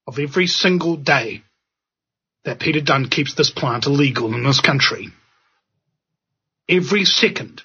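Brief: New male host, sarcastic, fired-up commentary, fairly high and husky voice. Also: pushed and bright. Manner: sarcastic and impassioned. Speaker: podcast host. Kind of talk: ranting commentary. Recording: dull lo-fi audio.

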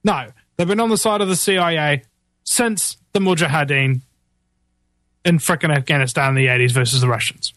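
Man, sarcastic political commentary, mocking, animated, slightly high voice, dry close sound. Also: brisk, no echo. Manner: mocking, animated, laughs at own jokes.

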